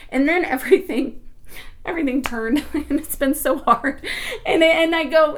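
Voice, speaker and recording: A woman giving an informal devotional talk, rambling with many restarts and swinging between hushed and excited tones. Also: high-pitched, normal speed. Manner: rambling, emotional, with frequent restarts. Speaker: Christian teacher.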